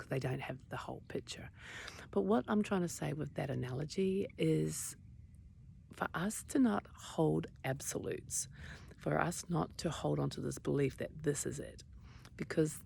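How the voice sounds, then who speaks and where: A woman who teaches meditation, giving a reflective talk in a gentle, searching way that often trails into a whisper. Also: deep voice, gravelly, a little hiss or hum.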